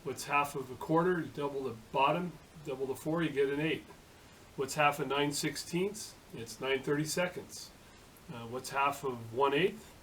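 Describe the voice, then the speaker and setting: Middle-aged man telling a story haltingly. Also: on the high side, fairly bright tone, a little hiss or hum, poor audio. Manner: halting, full of uh fillers and restarts. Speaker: home shop machinist. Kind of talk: casual storytelling vlog.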